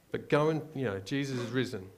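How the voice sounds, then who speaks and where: Preaching with an English accent, a man speaks in a conversational, searching manner at a medium pitch. He retells a story and puts rhetorical questions to his listeners.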